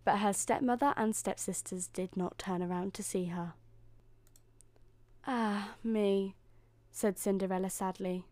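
A woman's voice: mid-range voice, steady tone, moderate pace, hardly any pauses, warm tone, no room sound. Woman host, bedtime story narration, soothing, mid voice, dry close sound.

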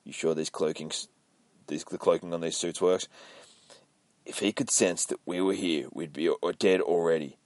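A man voicing a smug, cold soldier speaking low and hushed. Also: fairly even intonation, moderate pace, no echo, lightly acted.

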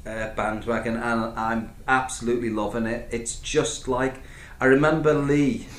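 A man's voice: medium pitch, steady tone, moderate pace. Chatty man in an echoey room. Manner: rambling, chatty, full of restarts and asides. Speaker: podcast host reviewing TV shows. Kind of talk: casual chat. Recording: echoey room with faint background noise.

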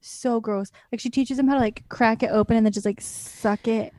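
A woman's voice: fairly high pitch, steady tone, normal speed, darkish tone, no room sound. A woman chatting casually over a video call about a film, laughing often and acting out the characters' lines. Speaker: movie reviewer. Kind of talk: casual chat reviewing a film.

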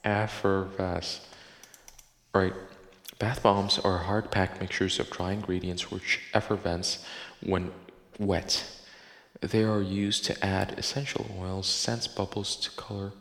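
A man's voice: low voice, flat delivery, unhurried, a bit bright. A man hosting a casual solo podcast, swearing in exasperation as he reads listener posts aloud. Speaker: podcast host. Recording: echoey room with long reverb.

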